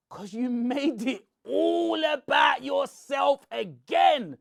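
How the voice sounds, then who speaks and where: A man, shouting and confronting someone in a heated rant to camera. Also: very high-pitched, expressive, takes it slowly, vocal fry, few pauses. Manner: shouting, confrontational, repeats "bro". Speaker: online commentator.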